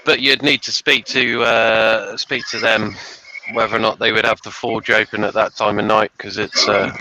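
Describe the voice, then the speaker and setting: A man co-hosting a live stream, talking haltingly and searching for words in casual banter. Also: on the low side, flat delivery, crowd noise. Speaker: livestream co-host. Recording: noisy stream audio.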